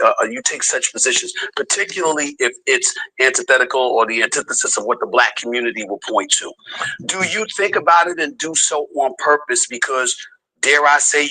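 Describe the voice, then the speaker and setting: Man interviewer, bright tone, careful and probing. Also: medium pitch, low-quality recording. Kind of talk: interview questioning.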